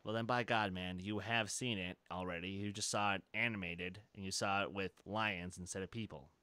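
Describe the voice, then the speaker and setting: A man's voice: low voice, fairly even intonation, moderate pace, sharp tone, clear, resonant tone, no room sound. A man hosting a casual podcast chat, talking enthusiastically in long rambling stretches and laughing often. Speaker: podcast host.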